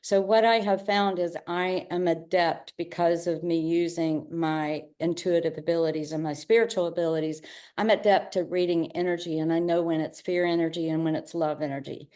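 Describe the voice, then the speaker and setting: A woman guest with a mellow, warm tone who tells her story with spirit. She often speeds up into quick bursts and slips into acted-out dialogue as she talks. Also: fairly low pitch, steady tone. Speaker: guest, business owner and artist. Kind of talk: interview storytelling.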